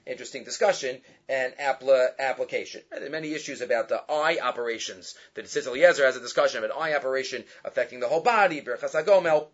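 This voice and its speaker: A man teaching a Talmud lesson, reading the text aloud and translating it in quick, lively explanations with frequent rhetorical questions. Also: medium pitch, highs cut off.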